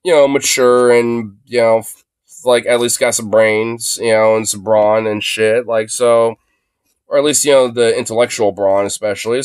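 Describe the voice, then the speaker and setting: A man's voice: mid-range voice, level tone, moderate pace, smooth, dry recording, studio quality. A young man streaming from his phone, reacting to a video in a loose, profane rant full of fillers. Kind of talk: casual ranting commentary.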